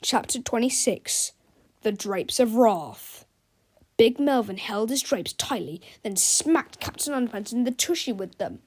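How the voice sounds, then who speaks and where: A woman reading a children's book aloud with lively, expressive narration. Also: on the high side, unhurried. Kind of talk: read-aloud storytelling.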